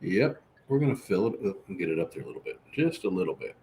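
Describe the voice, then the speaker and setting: His voice sits low and mellow, swinging widely in pitch as he talks quickly. As a podcast host on a relaxed live stream, he works through viewer comments, answers them, and boasts about himself in the third person over a little hum.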